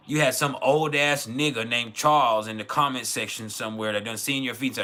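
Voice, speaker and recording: A man's voice: medium pitch, fairly quick, long pauses, bright, forceful tone. A man from West Texas, hosting a casual livestream and giving blunt, profane opinions while answering chat. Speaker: livestream host.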